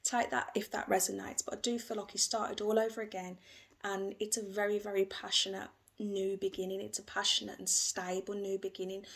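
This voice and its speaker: A woman giving an emotional, gentle tarot reading, repeating herself often. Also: mid-range voice, little pitch movement, brisk, creaky. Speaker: tarot reader.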